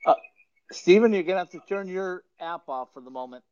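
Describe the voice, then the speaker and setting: A man's voice: sits high, animated, fairly quick, a little mellow, clear, resonant tone. A man hosting a podcast who chats and tells stories casually, rambling and often chuckling mid-sentence. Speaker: podcast host. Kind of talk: casual storytelling chat. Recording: dull lo-fi dry sound.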